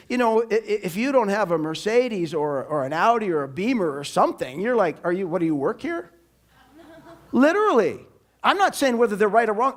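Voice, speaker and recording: A man with a strikingly high voice delivers a church sermon. His preaching is animated and emphatic, with sudden loud bursts for emphasis. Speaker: pastor.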